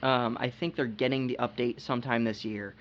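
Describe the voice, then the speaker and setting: A man's voice: medium pitch, fairly even intonation, a little fast, slight background noise. Man, podcast co-host, casual chat, hesitant, repeats himself, dull lo-fi sound. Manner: hesitant, repeats words, lots of fillers.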